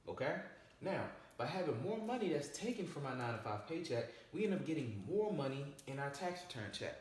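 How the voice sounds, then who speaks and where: A man's voice: medium pitch, slight background noise. Emphatic man in a very echoey room. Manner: emphatic, repeats "all right?" and "okay?" after each point. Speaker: personal finance presenter. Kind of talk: casual explainer video.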